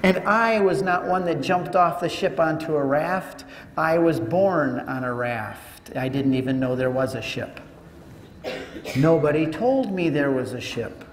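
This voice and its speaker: An older man giving an animated storytelling talk to a live audience, acting out the voices in his story. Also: fairly high pitch, a little slow, a little hiss or hum. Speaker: speaker. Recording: echoey hall, long reverb.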